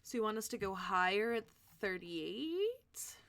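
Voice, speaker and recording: A woman's voice: mid-range voice, very animated, measured pace, fairly bright tone. A woman hosting a live stream, chatting casually and answering viewers' comments as she thinks aloud. She is tired and sleepy. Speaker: livestream host.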